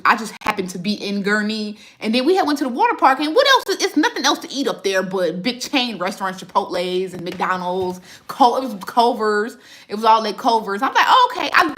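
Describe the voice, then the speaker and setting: A woman, a food reviewer chatting casually on a livestream and answering viewers' comments. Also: medium pitch. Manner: animated, reads and answers viewer comments, repeats herself. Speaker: food reviewer and content creator. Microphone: phone livestream.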